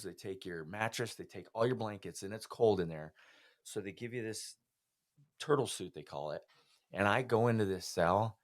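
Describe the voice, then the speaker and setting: A man, a podcast guest, giving an earnest, heartfelt personal testimony in an interview. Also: on the low side.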